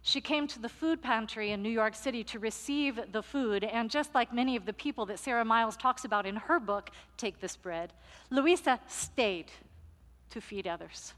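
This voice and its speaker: Woman pastor, storytelling sermon, a touch high, playful, long hall reverb. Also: moderate pace, a bit bright.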